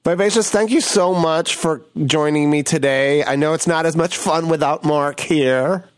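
A man hosting a podcast in casual chat, telling stories in a campy, animated way with playful quoted voices. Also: a little high, moderate pace, clear, resonant tone, no echo. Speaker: podcast host.

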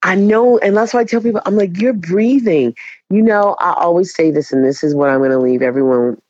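Animated, profane woman storyteller, lo-fi. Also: on the low side, quick pace. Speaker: teacher and podcast guest. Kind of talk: casual podcast chat. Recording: dull, dry lo-fi recording.

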